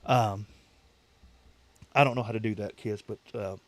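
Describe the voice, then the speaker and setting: Male livestream host, loose and rambling, repeats phrases, quick to laugh. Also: on the low side, steady tone. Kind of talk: casual livestream chat with viewers.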